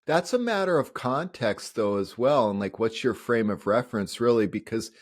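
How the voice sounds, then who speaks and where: A veteran podcast guest from the upper Midwest with a Minnesota accent chats casually, laughing often between rambling restarts. His voice is mid-range with lively intonation at a moderate pace, recorded dry and studio quality.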